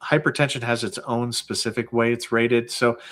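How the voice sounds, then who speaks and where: A man's voice: mid-range voice, little pitch movement, normal speed, fairly bright tone, slight background noise. A man, a guest who has processed claims, explaining plainly in casual chat with lots of "like" and fillers.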